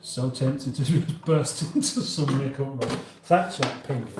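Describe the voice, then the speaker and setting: A man's voice: medium pitch, normal speed, few pauses. Chatty northern English man in an echoey kitchen. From England. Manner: rambling, reads viewer chat aloud while cooking. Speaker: cooking livestream host. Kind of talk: casual live cooking chat. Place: home kitchen. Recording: echoey kitchen with faint background noise.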